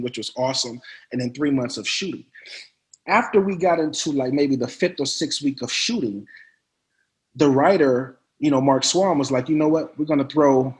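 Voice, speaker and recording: A man, an actor guest, telling anecdotes in a casual interview, slangy and quick to laugh. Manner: mimics others with sharp pitch jumps.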